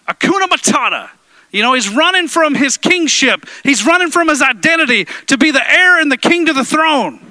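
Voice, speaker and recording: A man's voice: bright, forceful tone, dry recording. A man preaching a sermon to his congregation in church, playful and joking with the room. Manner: playful, jokes with the congregation, drops into deep impressions. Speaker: pastor. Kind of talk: energetic sermon. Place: church sanctuary.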